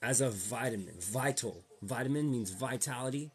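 A man's voice: mid-range voice, normal speed, breathy edge. A young man ranting casually to his viewers, full of slang and rhetorical questions. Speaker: vlogger.

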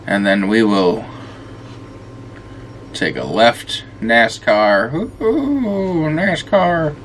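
A man's voice: fairly low pitch, extremely slow, a bit bright, slight background noise. A man giving casual let's-play commentary, rambling and swearing often as he talks to the game, tired and yawning. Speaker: gameplay commentator.

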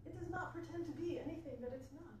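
A woman imitating a calm, soft-spoken male spiritual teacher during a talk, speaking gently and without hurry. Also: high voice, fast, a little hiss or hum, voice pushed up, natural voice. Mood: serene. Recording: echoey room, mic far off.

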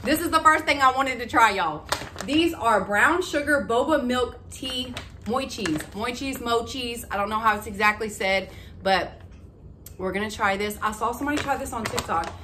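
Excitable woman vlogging. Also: on the high side, normal speed, a little hiss or hum. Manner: chatty, excitable, addresses viewers as y'all. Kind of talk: casual haul vlog.

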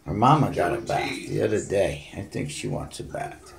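A man filming at home, cooing to his cats in high baby talk with chatty asides, recorded on a handheld phone. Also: expressive, normal speed, creaky, slight background noise. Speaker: cat owner filming his pets. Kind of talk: casual home video, talking to cats. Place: home bathroom, indoors.

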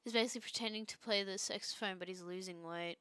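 Bright, crisp young woman chatting. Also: mid-range voice, steady tone, quick pace, no echo. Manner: joking, rambling, with trailing restarts. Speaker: streamer. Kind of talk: casual chat while drawing pixel art.

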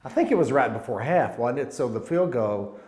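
Speaking fairly quickly, an alum guest in his sixties rambles through memories of his college football career, frequently restarting mid-sentence and growing animated at the highlights. His voice is middle-pitched, with a roomy echo around it.

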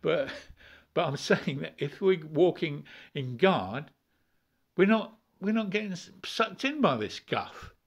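A man's voice: a little high, big pitch swings, slow pace, gravelly. A man preaching an informal, rambling sermon, repeating words and chuckling as he goes.

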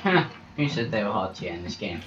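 A man giving live gameplay commentary, excitable and chatty as he reacts aloud to each kill. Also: on the low side, fast talker, highs cut off, very noisy. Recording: roomy with loud game music.

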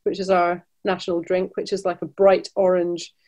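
A woman's voice: fairly low pitch, flat delivery, normal speed, darkish tone. Scottish woman, guest on a travel podcast, conversational with lots of restarts. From Scotland. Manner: chatty, restarts often, laughs between points. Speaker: travel business director, guest. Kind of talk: casual interview chat.

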